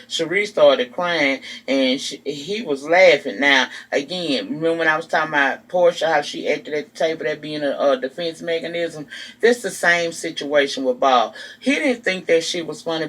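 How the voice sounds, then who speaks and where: A man's voice: a little high, fairly bright tone. Sassy, profane man recapping reality TV. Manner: sassy, profane, gossipy storytelling; acts out quotes of the people he recaps. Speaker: TV recap vlogger. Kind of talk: casual reality-show recap.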